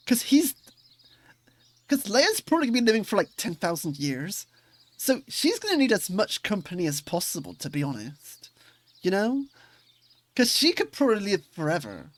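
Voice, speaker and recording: A woman streaming a game live, who reads out its dialogue, chats along and giggles and reacts excitably. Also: medium pitch, moderate pace, dry recording. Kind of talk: live let's-play, reading game dialogue and chatting.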